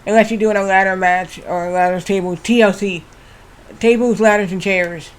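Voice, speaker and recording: A man's voice: high voice, fairly even intonation, moderate pace, clear, resonant tone. A man streaming a wrestling game, telling long rambling stories and swearing casually as he plays. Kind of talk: casual gaming commentary.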